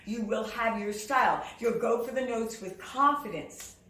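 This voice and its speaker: A woman vocal coach leads a singing lesson in a bright, higher voice, speaking slowly and with a lot of movement in her pitch. She often stops to demonstrate by singing and shouting. Her voice sounds a little distant from the mic, in a roomy space. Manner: lively, demonstrative, breaks into sung and shouted examples.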